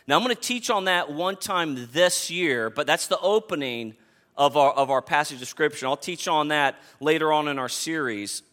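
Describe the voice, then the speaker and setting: A man in his fifties preaching a sermon as pastor, emphatic and animated, repeating words as he builds a point. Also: fairly high pitch, moderate pace. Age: 50s.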